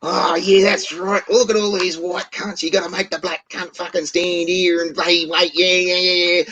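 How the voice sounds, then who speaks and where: A man voicing a shrill, indignant woman who rants loudly while waiting in a queue. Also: level tone, normal speed, a little hiss or hum. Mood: ranting. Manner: loud, mocking, high-pitched rant.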